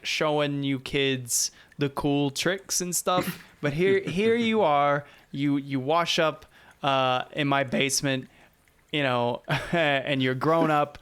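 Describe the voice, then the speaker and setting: A man voicing an excitable middle-aged male tinkerer who breathes fire, flustered and boastful. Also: mid-range voice, smooth, lightly acted.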